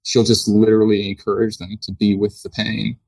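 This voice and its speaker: Male podcast guest, gravelly and flat, off-mic and distant, thoughtful. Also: on the low side. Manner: slow and thoughtful, with restarts. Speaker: podcast guest, mindfulness coach. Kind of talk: casual podcast chat.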